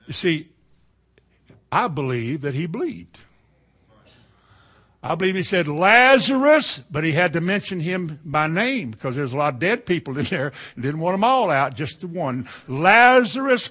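A middle-aged man preaching a sermon in a folksy storytelling way, dropping to a hush and then rising to loud cries. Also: fairly high pitch, husky.

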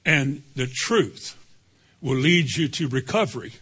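A man's voice: mid-range voice, lively intonation, measured pace, fairly bright tone, husky. A man preaching a sermon, emphatic and calling out to the congregation for responses.

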